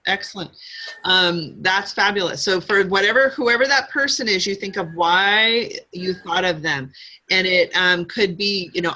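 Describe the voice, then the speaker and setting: Upbeat lady running a training class, bright tense voice kinda husky, keeps getting the group to answer back. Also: medium pitch, a little slow, low-quality recording. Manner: upbeat coaching, call-and-response with the group. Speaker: sales team trainer. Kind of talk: live group training session.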